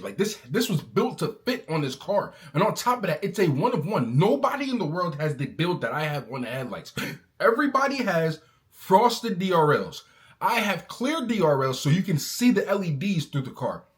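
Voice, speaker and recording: A man in a casual vlog, ranting angrily and talking in slang, calling his listener bro. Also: a little high. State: angry. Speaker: car owner vlogger.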